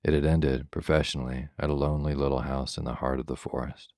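A man reading a calm bedtime story in a very deep, steady voice. His delivery is slow and soothing with little rise and fall. The sound is dry and close to the mic. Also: no room sound.

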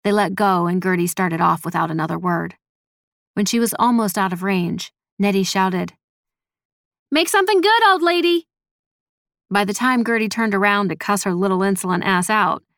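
Woman, narrator, measured, expressive, mid pitch, dry studio sound. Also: no room sound. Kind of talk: scripted audio drama narration.

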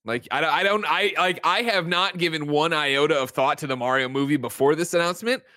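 A man in his thirties talks fast in a bright, forceful voice, piling up quick asides. He sounds animated and loose, and the recording is dry and close. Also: fairly high pitch, dry recording. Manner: animated, swearing, laughing; rapid rambling with quick asides. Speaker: podcast co-host. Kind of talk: casual chat.

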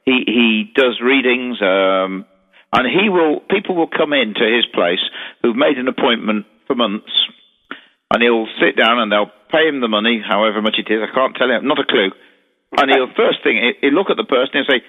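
A man's voice: mid-range voice, expressive, normal speed, big-room sound. Rambling Englishman on a tinny phone line. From England. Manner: rambling, chatty storyteller with many restarts. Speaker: guest paranormal investigator. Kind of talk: casual radio chat.

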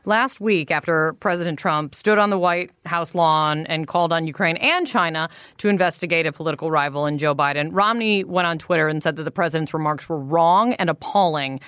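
A woman hosting a political podcast, steering the talk in a brisk, wry way. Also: sits low, fairly bright tone, clear, resonant tone, dry recording, clean studio sound. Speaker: podcast host. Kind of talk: casual political podcast chat.

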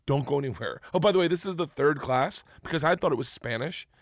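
A man from Florida spins a rambling, profane story in loose conversation, laughing as he goes and tripping over restarts. His voice sits a touch high, and the sound is close and dry with no room echo. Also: quick pace. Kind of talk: casual storytelling chat.

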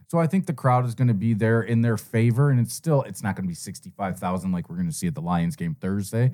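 A man's voice: fairly low pitch, fast. A man co-hosting a sports podcast, rambling through his views on college football in casual chat. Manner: rambling, animated. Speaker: co-host.

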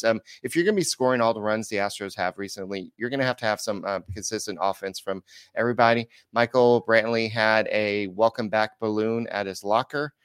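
A man with a low, smooth voice talking his way through numbers on a sports podcast, stopping often to say "uh" and start over. The recording is dry and close, with no room behind him. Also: no echo. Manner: rambling, filler-heavy stat talk. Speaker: podcast host. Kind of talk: casual sports podcast chat.

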